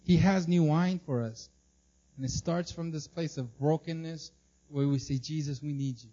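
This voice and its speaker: Speaking at a normal speed, a male pastor delivers a sermon in a high, lively voice, taking on the voices of the story's characters along the way. Repetitions and restarts are frequent, and the audio has a slightly dull quality.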